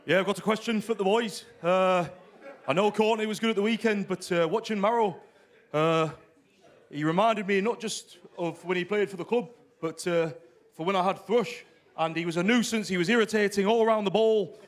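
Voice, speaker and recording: A man's voice: high-pitched, moderate pace. A man from the audience, mumbling a question so it is hard to follow. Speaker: fan asking a question.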